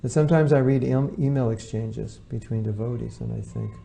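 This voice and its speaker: A man's voice: mid-range voice, brisk, creaky, warm tone, soft background music. A man giving an informal lecture to devotees as their spiritual teacher, talking conversationally and acting out the voices of people he quotes.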